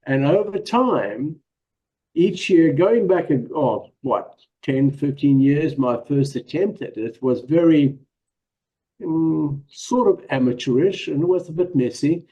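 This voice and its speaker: A man's voice: on the high side, animated, slow pace, lo-fi sound. A man with a South African accent, giving a casual presentation as a guest, modest and hesitant, with many ums and small laughs.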